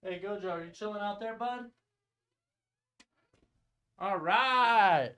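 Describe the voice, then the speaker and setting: A man's voice: high voice, slow, long pauses, bright, forceful tone, clear, resonant tone. A young man hosting a live-streamed mock draft, talking casually and bluntly and mocking bad trades.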